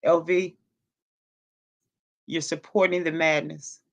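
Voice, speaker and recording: A woman's voice: low-pitched, little pitch movement, slow, vocal fry, muffled recording. A woman hosting a casual livestream, talking straight to her chat and scolding viewers in exasperated bursts, with features in her speech. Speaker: livestream host.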